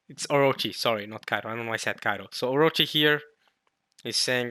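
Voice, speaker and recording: A man casually reading a comic chapter aloud and reacting to it, excitable, with mild swearing and frequent self-corrections. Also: mid-range voice, a little fast, dry recording, clean studio sound. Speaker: manga reaction YouTuber.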